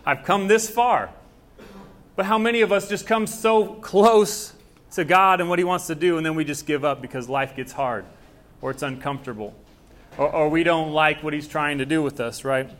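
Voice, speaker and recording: A man's voice: a little high, normal speed, a bit bright. A young man preaching a sermon as pastor, casual and conversational, acting out bits of dialogue.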